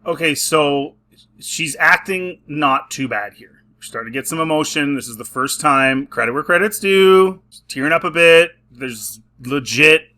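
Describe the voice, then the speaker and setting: A man talks through an episode review in a casual, off-the-cuff way. His voice is bright and forceful and sits a little high for a man. He is openly sarcastic and keeps sounding exasperated. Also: normal speed. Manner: sarcastic and exasperated, laughing at scenes. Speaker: film and TV reviewer.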